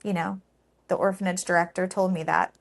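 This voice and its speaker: A middle-aged woman recounting a painful personal story, halting and emotional, with frequent fillers. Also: on the low side, level tone, creaky.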